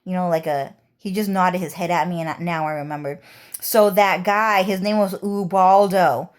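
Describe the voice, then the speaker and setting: A woman's voice: fairly low pitch, fairly even intonation, normal speed. Woman ranting in a rambling monologue. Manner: rambling, profane, heated. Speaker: vlogger.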